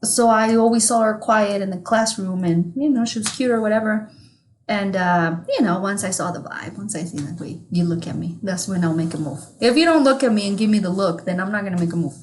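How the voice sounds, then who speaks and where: A woman from Mexico whose first language is Spanish co-hosts a podcast in a brisk, mid-range voice with a darkish tone, over slight hiss or hum. In casual chat, she tells a rambling, profane story, laughing often.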